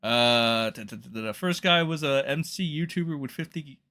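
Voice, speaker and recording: A man streaming live with a bright, clear voice at a middle pitch. He talks in casual, rambling commentary, blunt and loaded with swearing. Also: moderate pace. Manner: profane, blunt, loose and rambling. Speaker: streamer reacting to drama.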